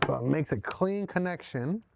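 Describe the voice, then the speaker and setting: A man's voice: on the high side, lively intonation, normal speed, gravelly, background noise. A man hosting a casual workshop vlog from his home garage shop, talking viewers through each step as he works. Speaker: host.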